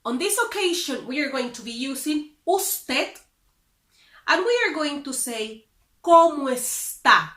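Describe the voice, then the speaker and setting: A woman's voice: high-pitched, lively intonation, a little slow, a bit bright, echoey room. A woman teaching a beginner Spanish lesson, upbeat and careful as she explains.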